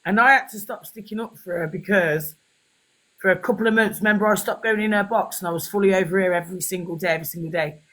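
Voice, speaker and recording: This is a guest joining a phone livestream, a little rough in the throat from a sore throat. The talk is chatty, slangy and teasing, at a middling pitch. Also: fast, pushed and bright, low-quality recording. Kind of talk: casual livestream chat.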